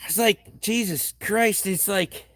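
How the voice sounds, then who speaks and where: A man hosts a casual livestream from his home workshop, filmed on a tripod camera, reading chat aloud and swearing bluntly and offhandedly. His voice sits high, takes its time, and sounds a bit bright.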